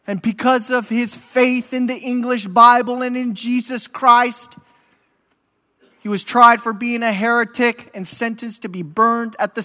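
A man preaching a sermon as a story, slow and deliberate, rising to impassioned emphasis. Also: very high voice, bright, forceful tone. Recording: long hall reverb.

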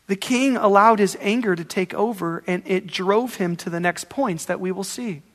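A man's voice: high-pitched, normal speed, a bit bright, long reverb tail. A male pastor preaching an emphatic, conversational sermon, with acted-out examples from everyday life.

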